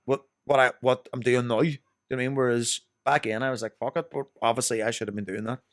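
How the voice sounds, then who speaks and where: A man's voice: medium pitch, level tone, fast talker, dry recording, clean studio sound. A young Northern Irish man telling rambling, sweary stories as a podcast guest. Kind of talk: casual chat.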